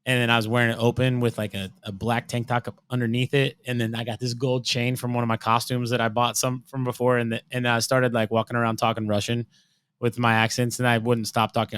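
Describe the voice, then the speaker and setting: A man's voice: mid-range voice, fast, clean tone, dry recording. Casual podcast co-host, a man in his thirties, chatty and rambling, with a dry, close sound on a video call. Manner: rambling, animated, likes doing silly accents. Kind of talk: casual chat. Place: home room.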